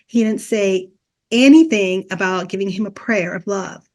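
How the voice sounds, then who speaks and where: A woman's voice: medium pitch, moderate pace. A middle-aged woman, a Reiki teacher as guest on a podcast, earnestly telling a personal story and acting out past conversations as dialogue.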